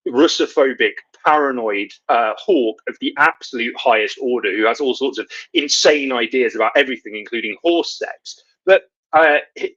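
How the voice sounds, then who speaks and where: A man with a bright, forceful voice gives sardonic live political commentary, rambling through fillers and restarts. His voice sits at an ordinary pitch, and the recording sounds dull and lo-fi.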